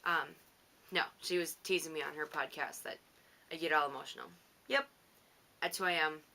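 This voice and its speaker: A woman with a fairly low voice that still has a bright, forward edge talks through her week as a podcast host. She rambles, teases herself and laughs easily in a loose, unscripted monologue. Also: fairly even intonation. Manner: chatty, rambling, self-teasing, quick to laugh. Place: home on the coast.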